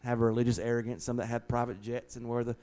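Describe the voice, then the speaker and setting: Earnest pastor leading a Bible study. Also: male voice, mid-range voice, flat delivery, fast talker, a little mellow, poor audio. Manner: earnest, emphatic, repeats words when starting.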